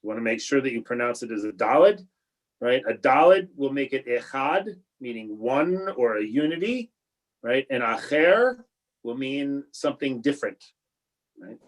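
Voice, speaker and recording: A man, a rabbi, teaching a Hebrew prayer class over a video call, talking in a halting way with many restarts and fillers, patient and encouraging. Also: medium pitch, very animated, poor audio. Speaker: rabbi teaching a bar and bat mitzvah class.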